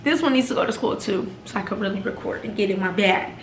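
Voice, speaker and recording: A young woman vlogger, telling a personal story casually and acting out the quotes in a raised voice. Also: quick pace. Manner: animated, acts out quotes in higher pitch. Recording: echoey room, faint background noise.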